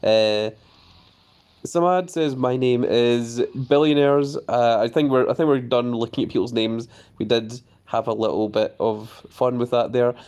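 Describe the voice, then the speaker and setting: A man's voice: mid-range voice, a little slow. A man hosting a casual live stream of a game, chatting about his cards and reading viewer messages aloud before answering them. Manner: easily excited, voice jumps up on greetings.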